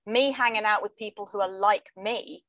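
A middle-aged English woman, a comedian, talking in a wry, jokey way with quick asides in casual conversation. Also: mid-range voice, a bit bright, no echo, rough recording. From England. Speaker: comedian guest. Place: London.

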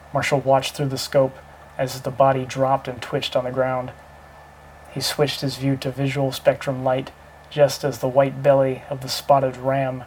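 A man reading an action novel aloud as a steady audiobook narrator. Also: medium pitch, a little hiss or hum, poor audio.

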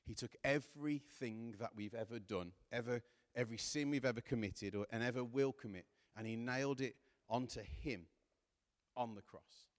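A man preaching a sermon, reading scripture aloud with earnest, building emphasis. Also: medium pitch. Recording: long hall reverb.

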